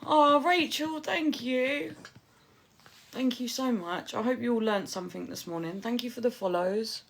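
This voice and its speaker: A woman's voice: a little high, unhurried, creaky. A woman, a livestreamer and new mother, chatting casually and affectionately with her viewers from home while reading out their messages.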